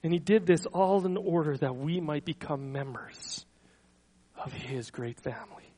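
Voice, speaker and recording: High-voiced man preaching a Christmas sermon. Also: low-quality recording. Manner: earnest, slows and swells on scripture quotes, soft trailing endings; stumbles and repeats words when speaking freely. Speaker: pastor.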